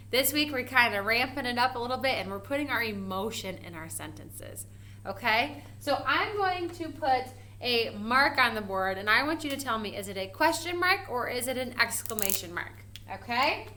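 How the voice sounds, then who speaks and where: Bright, encouraging first-grade teacher woman. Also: sits high. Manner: slow, exaggerated reading of example sentences; gentle, encouraging, asks the children questions. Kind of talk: recorded grammar lesson for young children.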